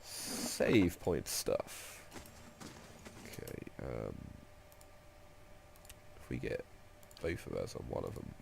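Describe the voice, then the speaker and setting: A man's voice: extremely low pitch, lively intonation, a little slow, gravelly, pauses often, background noise. Stuffy-nosed young man playing a game. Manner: rambling, jokey, swears freely. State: stuffy, nasal from a cold. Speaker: let's play host. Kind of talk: casual gameplay commentary.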